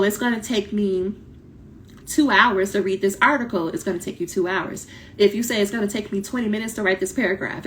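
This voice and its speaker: Woman, dissertation coach, blunt, animated, casual slang, tiring voice, faint background noise. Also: mid-range voice. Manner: animated, blunt, talks directly to viewers, acts out quoted voices. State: voice starting to tire. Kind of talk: live-stream coaching talk.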